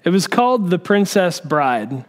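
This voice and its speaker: A man's voice: sits high, big pitch swings, unhurried. A man preaching a sermon in a conversational, storytelling way. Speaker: pastor.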